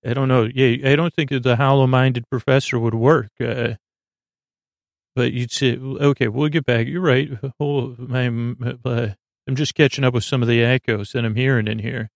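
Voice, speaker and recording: Creaky guy rambling on a sleep podcast, dry close sound, drifts off topic and circles back. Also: medium pitch, steady tone, normal speed, no echo. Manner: meandering, self-interrupting, goofy tangents; soft, lulling delivery. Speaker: podcast host.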